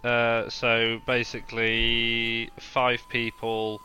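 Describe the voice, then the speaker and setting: Bright-voiced man playing a tabletop game. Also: medium pitch, monotone, extremely slow, a little hiss or hum. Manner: hesitant, many ums. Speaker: player. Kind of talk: casual tabletop game chat.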